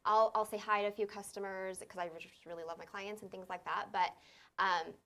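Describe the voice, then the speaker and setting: A middle-aged woman who owns a business tells her story in a casual interview. She talks in an animated way, acts out the dialogue and laughs often. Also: medium pitch, brisk. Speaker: business owner guest.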